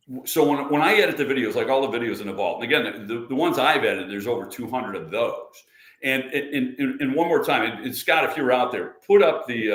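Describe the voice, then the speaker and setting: An older man, a police trainer, answering an interview question in a casual, animated storytelling way and acting out quotes. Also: fairly low pitch. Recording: echoey room.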